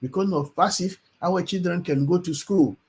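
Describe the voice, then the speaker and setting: A man's voice: high-pitched, moderate pace, darkish tone. A man giving an earnest testimonial on a live webinar, repeating phrases for emphasis.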